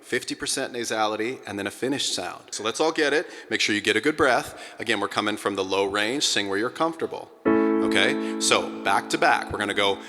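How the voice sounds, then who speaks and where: A man working as a vocal coach, leading a singing warm-up and encouraging his students between sung demonstrations. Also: on the low side, fairly quick. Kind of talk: guided singing warm-up lesson. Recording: echoey room with loud piano accompaniment.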